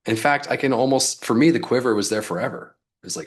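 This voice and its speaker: A man's voice: medium pitch, fast talker. A man coaching his audience in a casual livestream, loose and fired up, peppering his talk with "like" and mild swearing. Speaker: business coach.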